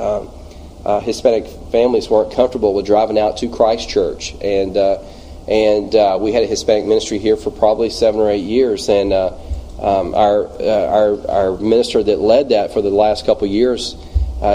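A man with a Louisiana Southern US accent leading an informal church Bible study, talking in a halting way with many fillers and restarts. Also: fairly low pitch, mellow, slight background noise, low-quality recording.

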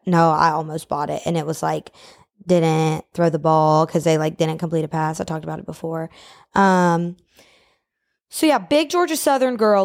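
A young woman hosting a podcast from home, talking casually in a brash, opinionated way with lots of fillers, hot and a bit sweaty. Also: medium pitch. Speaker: podcast host. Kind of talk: casual solo podcast rant. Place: at home at her table.

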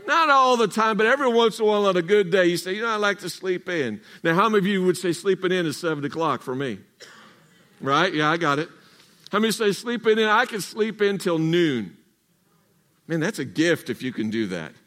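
A man's voice: high voice, expressive, a little fast, pushed and bright. A man preaching a sermon to his congregation, calling for responses and drawing out key phrases for emphasis. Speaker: pastor. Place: church sanctuary.

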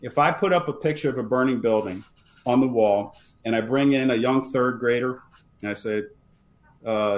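A man's voice: medium pitch, moderate pace. A man guest on a podcast interview, talking earnestly and emphatically, often repeating words as he starts a sentence. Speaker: fire service leadership trainer, guest.

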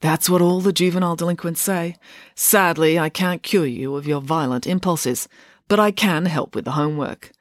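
A woman's voice: lowish voice, normal speed, no room sound, clean studio sound, natural voice. Woman doing a smug young male tutor. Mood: teasing. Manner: smirking, teasing, idealistic lecturing. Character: smug, bookish eighteen-year-old male tutor.

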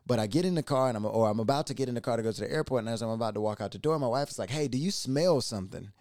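A man hosting a podcast, lively as he retells a personal story and repeating words when excited. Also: medium pitch, racing, no echo, studio quality. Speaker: podcast host.

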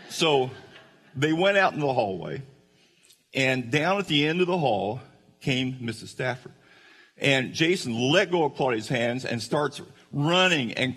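A man's voice: medium pitch, animated, unhurried, a bit bright, breathy edge. A man giving a folksy storytelling sermon who speaks directly to the audience. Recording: long hall reverb.

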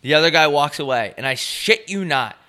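A young man rambles through a story on a casual podcast, swearing freely and acting out the people he met. His voice is bright and swings widely in pitch as he gets worked up. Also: animated, fairly quick. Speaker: podcast co-host. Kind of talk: casual chat.

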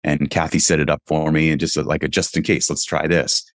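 A man's voice: rumbling low, little pitch movement, a little fast, no room sound, studio quality. A middle-aged man from California, telling his story as an interview guest in an earnest, reflective, casual way. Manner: earnest, reflective, with frequent "you know" fillers. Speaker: interview guest, real estate investing founder.

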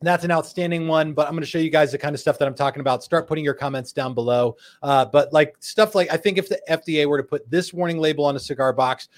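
A man's voice: fairly high pitch, fast talker, few pauses. A man hosting a live cigar show, joking and bantering playfully with his co-hosts and viewers. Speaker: podcast host.

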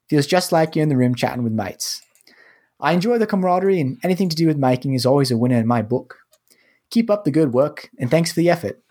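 A chirpy Australian bloke, as an American man does the voice reads a fan review in an upbeat manner. The voice sits noticeably higher than the speaker's own. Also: a little mellow. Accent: put-on Australian. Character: cheerful Australian male podcast fan.

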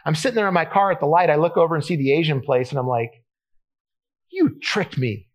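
A man's voice: fairly high pitch, rapid-fire. A man preaching a sermon in a casual, conversational way, telling a personal story with many fillers and restarts. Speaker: pastor.

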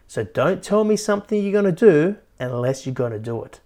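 His voice is a little high and fairly quick as he hosts a motivational podcast in the role of a life coach. He's animated and keeps tagging his points with "right?".

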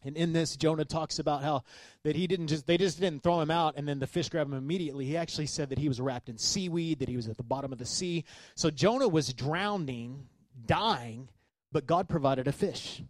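A man preaching a sermon as pastor, reading scripture and commenting with animated asides. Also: on the high side, a little fast, dry recording. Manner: animated, acts out the sailors' voices.

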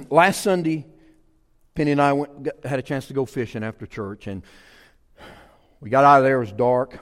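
A middle-aged man preaching a sermon, telling a folksy personal story with animated swings and loud bursts. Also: medium pitch, normal speed, pauses often. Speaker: pastor. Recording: long hall reverb.

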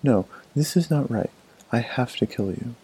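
A hungry hunter in a told folk tale speaks harshly and with scorn, as a male narrator takes on his voice. His tone is low, dark and gravelly, with a husky rasp. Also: lively intonation, moderate pace, poor audio. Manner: harsh and mocking.

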